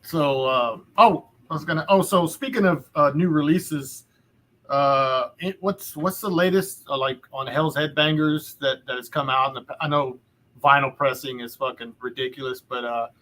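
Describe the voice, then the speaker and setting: In a mid-range, sharp-toned voice at a moderate pace, a Texas podcast host chats casually. He rambles, swears and keeps restarting his thoughts.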